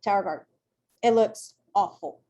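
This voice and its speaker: Stern male superintendent, short clipped questions, played by a woman storyteller, soft-toned. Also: mid-range voice, moderate pace, natural voice.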